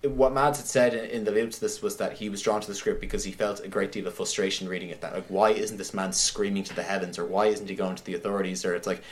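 A man in casual conversation, retelling a film scene by scene in an animated way, with many "like"s. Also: deep voice, fast, few pauses. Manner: animated retelling, heavy use of "like". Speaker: podcast guest discussing films.

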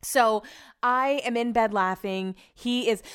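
A woman's voice: a little high, slow pace, a bit bright, smooth. A young woman casually telling viewers a funny story, chatty, laughing often and swearing freely. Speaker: vlogger.

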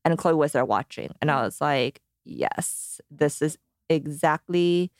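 Smooth-voiced woman telling a story. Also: sits low, moderate pace, no echo, studio quality. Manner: animated storyteller acting out quotes. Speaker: podcast co-host. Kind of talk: casual chat.

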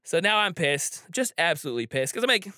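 A man's voice: a little high, very animated, fast talker, sharp tone, no echo, clean studio sound. A man telling a personal story casually, rambling with frequent restarts and fillers. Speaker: storyteller guest.

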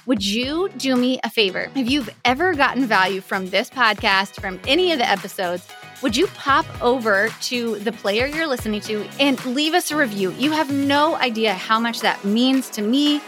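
A woman hosting a wedding business podcast, talking with excited, fast energy. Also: fairly high pitch.

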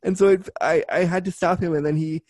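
A man's voice: fairly high pitch, steady tone, a little fast, darkish tone, no echo. A man talking as a guest, telling a personal story frankly and bluntly, with lots of fillers. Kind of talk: casual storytelling.

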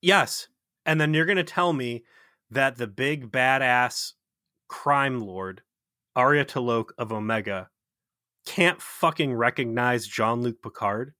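A man's voice: mid-range voice, slow pace, sharp tone, no echo, clean studio sound. A man co-hosting a casual critique chat, ranting with profanity and sarcasm. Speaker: podcast co-host.

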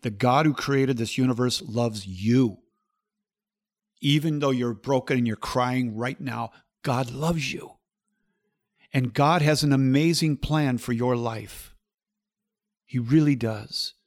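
A man's voice: mid-range voice, takes it slowly, pauses often, dry recording, clean studio sound. A man hosting a Catholic podcast, talking earnestly and pastorally, repeating key phrases and closing in prayer.

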